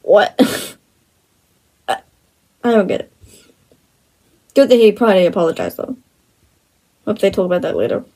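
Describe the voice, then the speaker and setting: A woman giving casual reaction commentary, excitable and rambling, full of fillers and exclamations. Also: medium pitch, normal speed, long pauses. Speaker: reaction video host.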